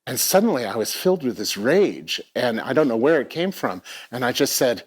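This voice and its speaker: This middle-aged festival speaker's medium-pitched, slightly rough voice swings widely in pitch. Telling a personal story on stage at a live arts event, he is reflective and halting, repeating words as he searches for them.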